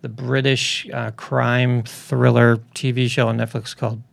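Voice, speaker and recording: Gravelly-voiced man raving about a show. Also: medium pitch, little pitch movement, a little slow, no echo. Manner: enthusiastic, recommending. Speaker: guest correspondent. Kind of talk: casual chat.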